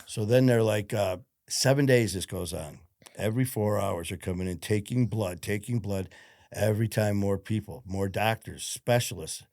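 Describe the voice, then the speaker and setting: A man's voice: lowish voice, normal speed, a little mellow, dry recording, clean studio sound. A man from Detroit, a podcast guest who tells his story bluntly, swears freely and acts out the dialogue. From Detroit, USA. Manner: blunt, profane, retells events with quoted dialogue. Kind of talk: casual interview storytelling.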